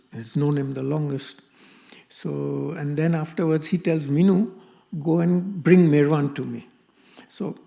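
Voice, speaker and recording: A man's voice: a little high, vocal fry, dark tone. An older man from Pakistan telling stories at a spiritual gathering, acting out the dialogue he quotes. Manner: anecdotal, acts out quoted dialogue. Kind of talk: storytelling talk.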